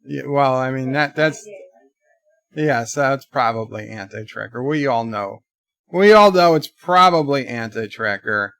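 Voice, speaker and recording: A man's voice: mid-range voice, expressive, unhurried, creaky, fairly bright tone, dry recording, clean studio sound. A man hosting a livestream in casual chat, reading out donations and viewer comments with wry, rambling remarks. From United States.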